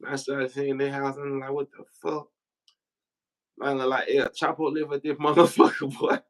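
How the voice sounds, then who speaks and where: Speaking in a monotone mid-range voice at normal speed, a man from Memphis, Tennessee tells loose, profane stories on a livestream. He laughs and uses slang, and the recording is low quality.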